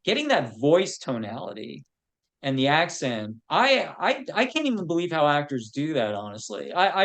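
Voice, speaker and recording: Man, film producer guest, casual storytelling, lots of "you know", slightly high pitch. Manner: anecdotal, sprinkled with "you know". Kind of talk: casual interview chat.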